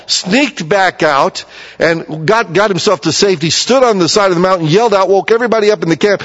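A man preaching a sermon, reading scripture aloud and breaking off to explain it in plain, emphatic asides. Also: high-pitched. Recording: dull lo-fi sound with long hall reverb.

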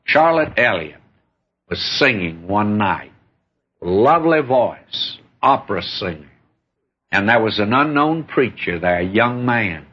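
A man preaching a sermon, telling stories in a folksy way with lively rises and falls in pitch. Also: measured pace, husky. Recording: dull lo-fi recording.

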